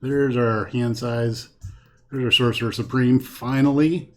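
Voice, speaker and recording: A man plays through a card game on his own and talks every move out loud as he goes. He counts cards one by one and weighs his choices as he thinks aloud. His pitch sits in the middle range for a man. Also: steady tone, measured pace. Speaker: host playing a card game. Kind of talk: casual solo card game playthrough commentary. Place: home setup with a green screen.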